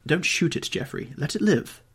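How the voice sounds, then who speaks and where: A man voicing a sensitive, troubled young gentleman who speaks in a pleading, anguished way. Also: on the low side, moderate pace, husky. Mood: distressed.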